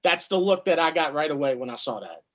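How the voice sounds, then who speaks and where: High male voice, laid-back slangy radio co-host, slightly muffled sound. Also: sing-song, fast, fairly bright tone. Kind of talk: casual sports radio chat.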